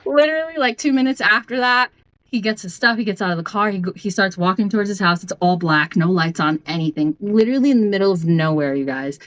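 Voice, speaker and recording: A woman's voice: medium pitch, fast, fairly bright tone, dry recording. A woman from Puerto Rico, a podcast guest telling a rideshare story in casual chat, acting out the voices and swearing freely.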